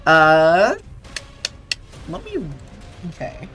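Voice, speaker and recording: A woman running a tabletop game as game master, narrating at an unhurried pace with frequent ums and uhs. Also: on the low side, huge pitch swings, over music.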